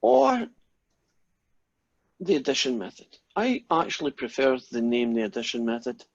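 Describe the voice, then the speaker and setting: Man, math lecturer, informal chatty delivery, husky voice, dry dull recording. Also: medium pitch, expressive, fairly quick, no echo. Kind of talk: online lecture with a joke.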